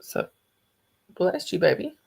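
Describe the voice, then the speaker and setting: A woman with a Southern accent hosting a livestream, chatting casually and rambling with her viewers. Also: slow. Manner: rambling, chatty, restarts sentences. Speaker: livestream host.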